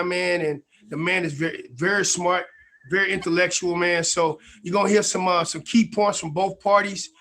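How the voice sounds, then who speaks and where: Male host, high voice, folksy and laid-back, slightly under the weather. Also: bright, forceful tone. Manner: easygoing, folksy, repeats "man" and "y'all". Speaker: show host. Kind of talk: casual live-stream podcast intro.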